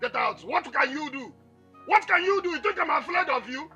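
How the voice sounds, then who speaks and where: An actor with a Nigerian accent playing a hot-tempered young man who shouts and taunts his rival in a film. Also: extremely high pitch, lively intonation, moderate pace, muffled recording, faint music behind, exaggerated voice. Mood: taunting. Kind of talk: Nollywood film acting.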